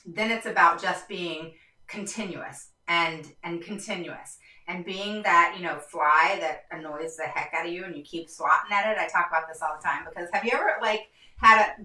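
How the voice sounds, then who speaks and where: A woman hosts a live stream for parents, speaking passionately to viewers with her voice rising and falling in frustration, repeating herself emphatically with lots of fillers. Her voice is lowish, pushed, and bright at a moderate pace, picked up far from the mic in a roomy space on a low-quality recording.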